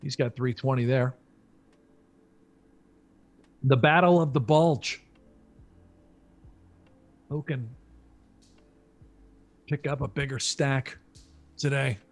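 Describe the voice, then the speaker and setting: A man's voice: mid-range voice, slow pace, long pauses, faint music behind. A man commentating a live poker stream, chatty and joking, thinking aloud between hands.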